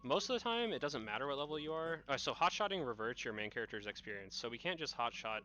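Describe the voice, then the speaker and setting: A man's voice: medium pitch, very animated, quick pace, sharp tone, lo-fi sound, faint music behind. A man co-commentating on a game run in a casual, rambling way, often correcting himself. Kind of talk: live gameplay commentary.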